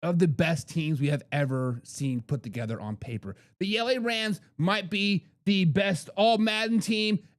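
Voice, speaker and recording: High-voiced hyped sports host. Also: male voice, unhurried, few pauses. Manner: hyped, trash-talking, repeats lines for emphasis. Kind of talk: animated sports predictions monologue.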